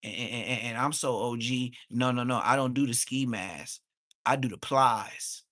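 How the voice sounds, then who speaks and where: A man, ranting on a livestream. He is heated and mocking, and his voice suddenly jumps high. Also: moderate pace, fairly bright tone, no echo, studio quality. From Inglewood, Los Angeles. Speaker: livestream host. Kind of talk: profane livestream rant.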